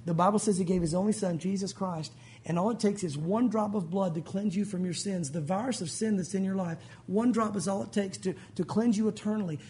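Fast-talking, impassioned pastor preaching. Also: male voice, high-pitched, warm tone. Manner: urgent, impassioned, emphatic. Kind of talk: sermon. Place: church service.

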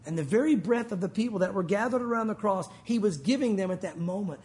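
A male pastor preaching to his congregation with real passion, calling them "guys" as he goes. His voice sits high for a man. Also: quick pace, darkish tone. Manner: passionate, talks to listeners as "guys". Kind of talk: sermon.

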